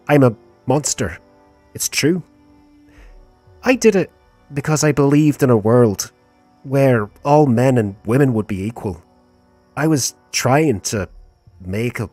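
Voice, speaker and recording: Guy doing a scottish-accented guilty dying man reading his last letter, husky and quiet, slow. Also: medium pitch, expressive, no echo, faint music behind. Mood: regretful. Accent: put-on Scottish. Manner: slow, sorrowful, fading to quiet. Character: remorseful dying man, paralyzed and guilt-stricken. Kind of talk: reading a letter aloud in character.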